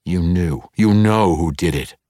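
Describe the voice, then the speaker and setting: A man reading an audiobook and voicing an angry, blunt male dark elf weapon master who growls his clipped lines. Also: sits low, moderate pace, dry recording, clean studio sound.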